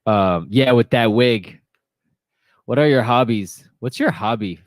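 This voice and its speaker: A man's voice: mid-range voice, measured pace, no room sound. A young man co-hosting a casual chat, laid-back and rambling, laughing easily. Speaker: YouTube co-host.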